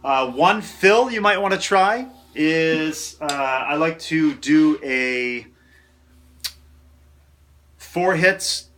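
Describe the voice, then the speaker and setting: A man teaching a casual drum lesson in a practice room, counting rhythms aloud and vocalizing the beat. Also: on the high side. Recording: loud drum kit playing behind.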